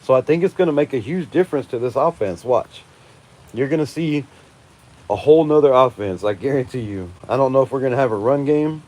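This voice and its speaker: Brisk and a little mellow, with lively intonation and medium pitch, a fan channel host in his forties rants on a live stream outdoors during a nighttime storm. He's profane and emphatic and laughs a lot.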